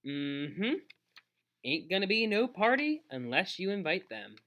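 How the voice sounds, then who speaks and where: Elderly woman, slow folksy drawl, bright tone, read by a man. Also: high-pitched, sing-song, voice pushed up, heavily acted. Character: elderly woman, wise and dry-humored. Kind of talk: audiobook read-aloud.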